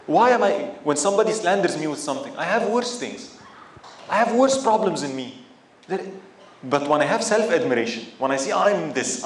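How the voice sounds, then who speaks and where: Male sheikh lecturer, storyteller who slips in Arabic phrases, recorded in a roomy space with faint hum behind. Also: fairly high pitch. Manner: storytelling, asks the audience questions; mixes Arabic phrases into English. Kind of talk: religious lecture.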